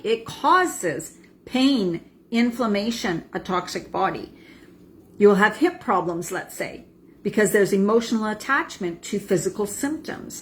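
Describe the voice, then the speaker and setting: A middle-aged woman teaching a calming technique, speaking earnestly and checking in with the viewer with frequent "right?" and "okay?". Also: mid-range voice, a little hiss or hum. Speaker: wellness coach. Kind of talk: instructional talk with demonstration.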